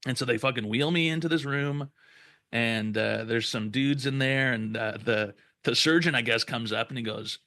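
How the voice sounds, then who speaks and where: Speaking fairly quickly at medium pitch, this young podcast co-host casually works through a long story, cursing often. He animates it by doing the voices of the people involved. There's no room sound.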